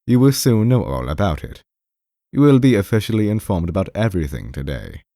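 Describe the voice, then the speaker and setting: A stern male official reproves a subordinate in a low, emphatic voice, as a male audiobook reader puts him on. He speaks curtly, with a dry, close sound. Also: very animated, a little fast, mellow, no echo.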